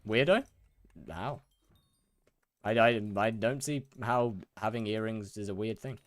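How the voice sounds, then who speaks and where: Speaking unhurriedly in a lowish voice, a young British streamer chats casually with his viewers as he games, often stammering and repeating words. There's no echo in the recording.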